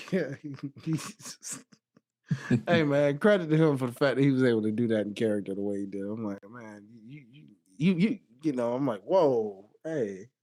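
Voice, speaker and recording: A man co-hosting a podcast in casual chat, animated and quick to laugh, his voice trailing off low at the ends of phrases. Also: no room sound, clean studio sound. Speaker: podcast co-host.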